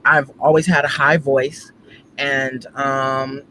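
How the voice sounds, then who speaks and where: A man guesting as a gospel singer, goofy and animated, full of fillers. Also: medium pitch, slow pace, a little hiss or hum, rough recording. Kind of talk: casual interview chat.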